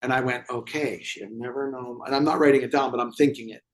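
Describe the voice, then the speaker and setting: A man's voice: mid-range voice, steady tone, fast. A man telling a client story as a guest in an interview, acting out the dialogue with animation. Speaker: movement therapy expert guest.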